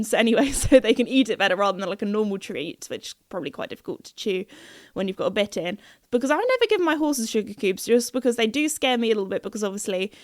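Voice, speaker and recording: A young woman hosts her podcast in a loose, chatty way, full of fillers and little laughs. Her voice sits at a middle pitch. The sound is close and dry, with no room around it. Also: dry recording. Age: young adult. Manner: chatty, lots of fillers and giggles. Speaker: podcast host. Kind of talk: casual chat.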